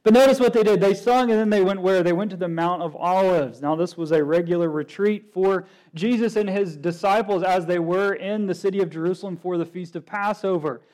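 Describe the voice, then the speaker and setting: Man, high voice, pastor preaching, rhetorical questions. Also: fairly even intonation, a little fast, hardly any pauses, darkish tone, poor audio. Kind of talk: sermon.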